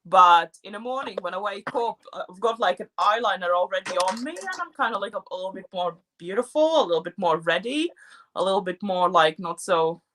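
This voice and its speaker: A woman's voice: medium pitch, a little fast. A Latvian-born woman with Latvian as her first language, co-hosting a casual, playful chat while doing her makeup at home. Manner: animated, playful, laughs at herself. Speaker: co-host.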